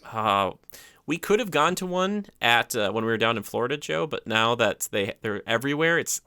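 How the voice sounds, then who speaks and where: Bright-voiced enthusiastic podcast man. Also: mid-range voice, lively intonation, normal speed, clean tone, no echo, clean studio sound. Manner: enthusiastic, rambling, many fillers. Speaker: podcast co-host. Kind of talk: casual chat.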